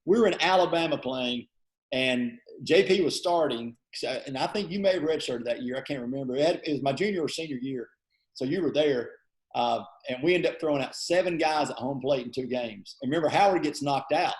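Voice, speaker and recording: A man, a guest on a casual podcast, telling old teammate stories in an animated way and acting out quotes. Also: medium pitch, a little fast. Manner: animated storyteller, acts out quotes. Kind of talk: casual podcast chat, storytelling. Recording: roomy, echoey audio.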